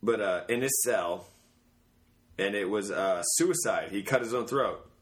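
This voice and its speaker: A man's voice: on the low side, unhurried. A man hosting a podcast in loose, joking casual chat. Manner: loose, joking, swearing banter. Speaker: podcast host.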